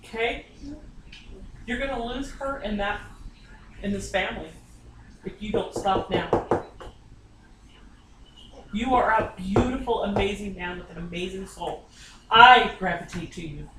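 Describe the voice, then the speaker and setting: A woman's voice: mid-range voice, unhurried, pauses often, background noise. A woman psychic medium giving a reading in someone's home, talking bluntly and insistently and swearing often. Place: inside a private home. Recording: echoey room, distant mic, faint ambience.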